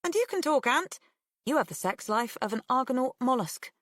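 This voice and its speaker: A sharp-tongued, clever teenage girl in an audiobook, played by a woman. She speaks higher than plain narration, with a precise, pointed delivery and lively pitch, in a close, dry reading. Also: moderate pace, no echo, full character voice. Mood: teasing. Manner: indignant, precise. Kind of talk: audiobook character voice.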